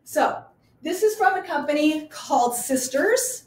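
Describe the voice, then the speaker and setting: A woman's voice: sits high, expressive, measured pace. A woman who runs a small garage boutique, chatting enthusiastically as she presents clothes in a live online showcase. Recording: echoey room.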